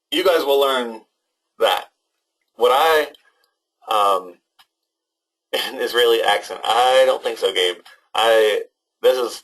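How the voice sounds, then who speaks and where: Young man, online instructor, casual, hesitant, lots of fillers, fairly low voice, computer mic. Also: a bit bright, slightly rough, low-quality recording. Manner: hesitant, many ums and restarts. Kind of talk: casual webinar talk to students.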